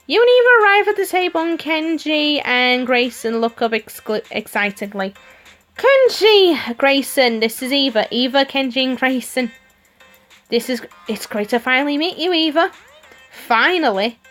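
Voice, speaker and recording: A woman's voice: high voice, animated, normal speed, a bit bright, soft background music. A woman streamer reading a story game aloud, giggling and adding her own comments between the lines. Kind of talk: reading game dialogue aloud with playful voices.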